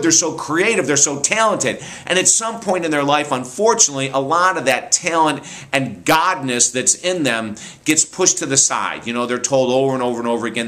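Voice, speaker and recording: A man speaker and author telling funny true stories in an animated, amused way, laughing often. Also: medium pitch, fairly quick. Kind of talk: storytelling monologue.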